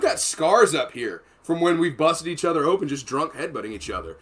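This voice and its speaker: A man's voice: fairly high pitch, expressive, brisk, a bit bright. Rambling, profane man telling stories. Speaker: podcast host. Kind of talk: casual storytelling chat.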